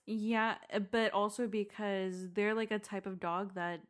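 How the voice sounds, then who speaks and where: A woman's voice: mid-range voice, little pitch movement, measured pace. A woman in her twenties co-hosting a casual podcast, rambling and laughing often. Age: 20s. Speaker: podcast co-host. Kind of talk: casual chat.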